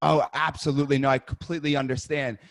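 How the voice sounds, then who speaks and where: A man's voice: mid-range voice, level tone, no echo, studio quality. A man on a video call coaching real estate agents and role-playing a sales call, upbeat and conversational. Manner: upbeat, conversational, rapid restarts.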